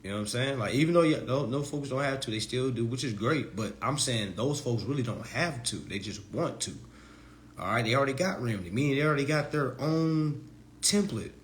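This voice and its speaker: A man giving a casual live-stream lecture as an online teacher, talking in loose slang and often jumping into high, mocking voices. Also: expressive, a little fast. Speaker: online legal self-help teacher.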